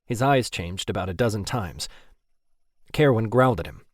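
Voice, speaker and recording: A man's voice: fairly low pitch, animated, normal speed, darkish tone, no room sound. Man narrating an audiobook in a dry studio.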